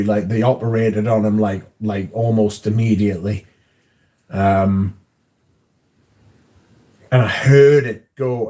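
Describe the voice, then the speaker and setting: A male livestream host chats casually with viewers, spinning rambling anecdotes packed with swearing and filler words. His voice sits on the low side with a darkish tone.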